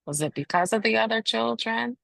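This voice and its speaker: A woman's voice: fairly high pitch, animated, brisk, vocal fry, a bit bright, no room sound. A woman hosting a podcast, interviewing her guest with supportive, affirming questions. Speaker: podcast host.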